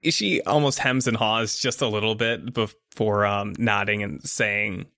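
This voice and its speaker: A man narrating as game master in a tabletop game, relaxed and descriptive. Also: fairly low pitch, a little slow, few pauses, dry recording, studio quality.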